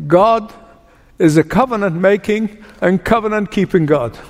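A man with a high voice preaches a sermon, pressing his points with emphatic repetition. His words carry a long reverb, as if spoken in a large hall. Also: unhurried, slight background noise. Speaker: pastor.

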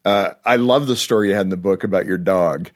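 A man's voice: deep voice, fast talker. A male host in a conversational interview, asking long questions with playful voice shifts.

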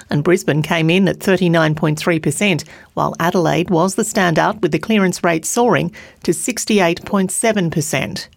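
A female newsreader with a fairly low voice delivers a scripted bulletin. Her read is crisp and steady. The sound is close and dry. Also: no room sound. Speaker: news presenter.

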